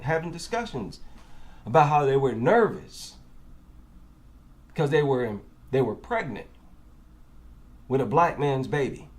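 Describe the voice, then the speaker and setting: Slow, animated man doing commentary. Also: on the high side. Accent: African American. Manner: incredulous, rhetorical questions. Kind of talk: reaction commentary.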